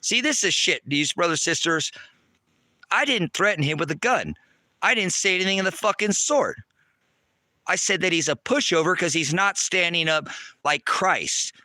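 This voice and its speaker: A man on a livestream, ranting angrily at his chat, swearing and preaching, loud one moment and lecturing low the next. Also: animated, moderate pace, dry recording. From United States. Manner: angry, profane and preachy, swings between shouting and low lecturing. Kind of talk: heated livestream rant to chat.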